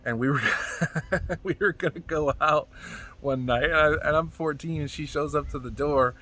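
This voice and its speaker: Bright-voiced man rambling through a story. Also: fairly high pitch, normal speed. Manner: rambling, profane, animated retelling. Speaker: comedian telling stories. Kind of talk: casual storytelling monologue.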